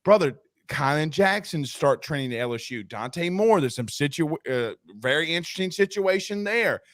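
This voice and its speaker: Guy hosting a sports show, kinda high voice, animated joking storyteller, dry close sound. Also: normal speed, no room sound. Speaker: sports talk show host. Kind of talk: casual sports talk.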